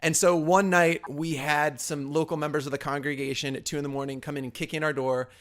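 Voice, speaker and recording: A man co-hosts a casual talk show, talking quickly in a slightly high voice. He rambles through his stories with lots of fillers and false starts. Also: flat delivery, fairly bright tone. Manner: rapid and rambling, with many fillers and restarts. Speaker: co-host. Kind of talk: casual storytelling chat.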